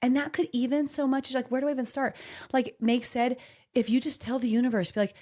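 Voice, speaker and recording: A woman's voice: sits high, steady tone, fast talker, warm tone. A middle-aged woman hosts a casual podcast and turns a story into lessons about life. She speaks in an encouraging, coaching way, building her points step by step. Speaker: podcast co-host.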